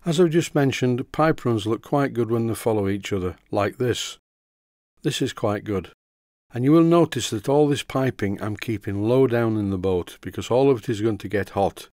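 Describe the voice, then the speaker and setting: A man's voice: mid-range voice, moderate pace, a little mellow, no echo. A man with a Yorkshire accent giving a methodical, step-by-step model engineering tutorial as a voice-over, with a dry sense of humour. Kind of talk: instructional voice-over.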